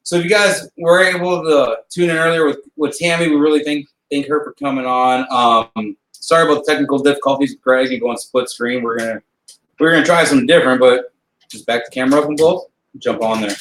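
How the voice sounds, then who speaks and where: A man's voice: medium pitch, fairly even intonation, fairly quick, fairly bright tone. A man from Mississippi hosting a podcast, easygoing and casual, often laughing. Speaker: podcast host. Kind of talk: casual chat. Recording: echoey room with faint noise.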